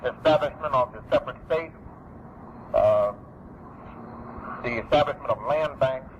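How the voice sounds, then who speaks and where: A middle-aged man giving an emphatic, repetitive public lecture, preserved on an archival recording. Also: mid-range voice. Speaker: speaker. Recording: dull lo-fi archival recording with faint noise.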